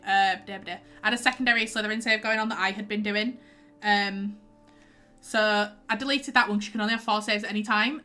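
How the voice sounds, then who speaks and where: A young woman chatting casually with her stream viewers, rambling and excitable. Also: mid-range voice. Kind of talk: casual livestream chat.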